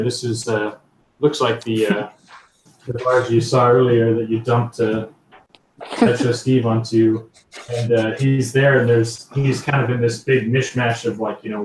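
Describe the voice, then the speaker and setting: A man's voice: mid-range voice, a little mellow. A man narrating as game master of a tabletop game, rambling with many fillers. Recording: roomy, distant mic, faint noise.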